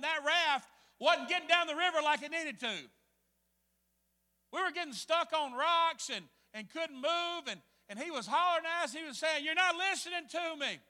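High-voiced animated man preaching. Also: clean tone, long reverb tail. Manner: animated, acts out voices in his story. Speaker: pastor. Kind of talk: storytelling sermon. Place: church hall.

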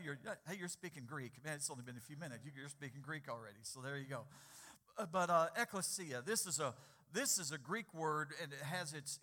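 Bright-voiced male pastor preaching. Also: fairly high pitch. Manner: call-and-response with congregation, repeats key words; quiet and slow in prayer, louder and rising when exhorting. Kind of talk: sermon.

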